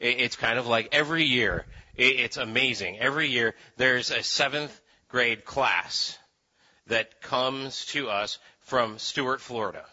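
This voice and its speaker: A male preacher gives a loose, joking sermon to a room of listeners, acting out the characters as he goes. His voice is very bright and forward. The recording sounds a bit dull. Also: mid-range voice, measured pace. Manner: animated, joking, acts out voices. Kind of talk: conversational sermon. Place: room with live audience.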